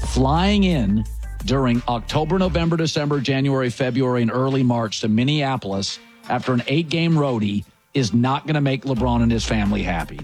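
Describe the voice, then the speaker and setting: Emphatic, blunt sports talk host. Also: male voice, medium pitch, animated, moderate pace, darkish tone, soft background music.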